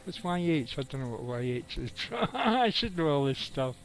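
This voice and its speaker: A man's voice: on the high side, big pitch swings, moderate pace, gravelly, soft background music, low-quality recording. A middle-aged man, giving rambling, casual live commentary on his game and chatting with viewers, swearing now and then. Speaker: game streamer.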